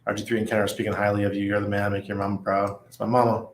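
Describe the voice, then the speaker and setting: A man's voice: lowish voice, flat delivery, racing. A middle-aged man hosting a casual livestream, chatting loosely, laughing often and reading viewer comments aloud. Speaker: livestream host. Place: apartment above a busy nightlife street. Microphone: studio mic at desk. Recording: echoey room.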